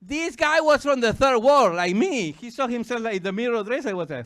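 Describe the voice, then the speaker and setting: A stand-up comedian with an Argentine Spanish accent works the club crowd, his voice high and bright with a sharp edge. He swings all over his range, leaping into shrieking cartoonish voices for his bits. The mic sound is dry and close. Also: normal speed, dry recording. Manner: animated, jumps into shrieking high silly voices.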